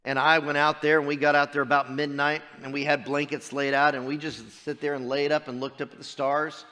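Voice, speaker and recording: A man, preaching a sermon as pastor, moving between loud emphatic preaching and quiet personal storytelling. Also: on the high side, flat delivery, brisk. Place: church sanctuary. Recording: long church reverb.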